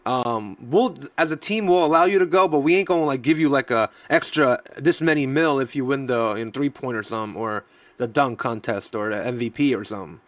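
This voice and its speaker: A man's voice: medium pitch, brisk, no echo, recorded from a distance. A man co-hosting a sports podcast in casual chat, talking loosely with lots of restarts. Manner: loose and rambling, many restarts and fillers.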